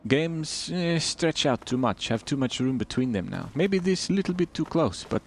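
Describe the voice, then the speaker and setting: A man's voice: on the high side, animated, moderate pace, slight background noise, voice pushed up. A man playing a nameless stranger with a put-on generic Eastern European accent and broken English, chatting while he games. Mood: blunt. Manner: broken English, dropped articles, blunt opinions. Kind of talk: joking accent bit while gaming.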